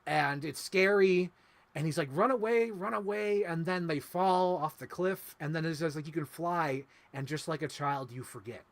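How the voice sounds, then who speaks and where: A man's voice: fairly high pitch, moderate pace. A man co-hosting a film review talk show, chatting casually and emotionally with lots of fillers. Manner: rambling, emotional, many fillers. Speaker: podcast co-host. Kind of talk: casual movie review chat.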